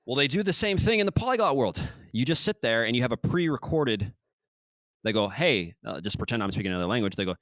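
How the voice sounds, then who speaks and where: A man with a mid-range voice hosts a podcast at a quick pace, recorded without echo. He drifts around in casual conversation, animated and fond of acting out quotes.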